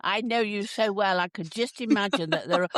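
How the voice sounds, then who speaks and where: Woman host from the midlands, laughs a lot, acts out bits, middle pitch, dry close mic. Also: moderate pace, a bit bright, no room sound. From English Midlands. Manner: laughs often, acts out little quotes. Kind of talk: casual chat.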